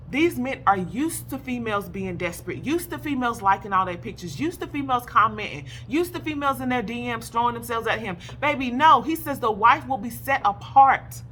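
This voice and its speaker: A woman sharing a personal faith testimony and exhorting wives, animated and emphatic, calling her listeners "baby". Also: medium pitch, a little hiss or hum. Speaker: faith vlogger addressing wives.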